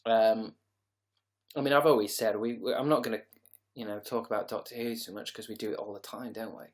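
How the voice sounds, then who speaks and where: A man's voice: lowish voice, fairly even intonation, a little fast. A tired man hosting a casual livestream, rambling sarcastically and reading out viewer comments. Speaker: livestream host.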